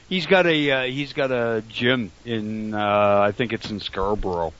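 A man's voice: lowish voice, unhurried, fairly bright tone, lo-fi sound. A man co-hosting a casual podcast, chatty and joking with frequent laughs. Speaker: podcast co-host. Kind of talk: casual chat.

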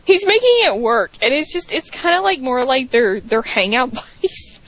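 A woman's voice: sits high, very animated, moderate pace, a bit bright, no echo. A woman co-hosting a podcast, chatting casually with lots of fillers and wry asides. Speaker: podcast co-host. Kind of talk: casual chat. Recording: dry, slightly dull lo-fi sound.

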